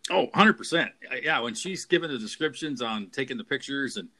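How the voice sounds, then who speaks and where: A man co-hosting a podcast, chatting casually about a film, laughing often and quickly agreeing. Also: medium pitch, animated, pushed and bright. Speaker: podcast co-host. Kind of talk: casual movie chat.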